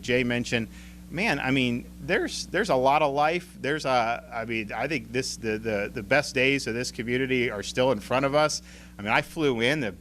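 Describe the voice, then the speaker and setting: Rambling American man, bright voice. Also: mid-range voice, slight background noise. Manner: rambling, repeats words, animated quoting of others. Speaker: state governor. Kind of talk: casual storytelling at a press event. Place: emergency operations center.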